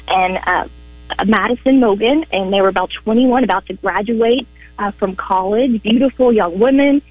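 A woman, a court correspondent and attorney, energetically explaining a case on a radio show. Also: on the high side. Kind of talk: live news report on radio. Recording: dull lo-fi broadcast sound.

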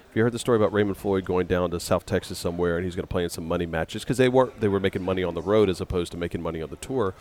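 A man's voice: deep voice, darkish tone. A man, a podcast guest, telling rambling anecdotes in casual conversation and acting out the quotes. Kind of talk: casual storytelling.

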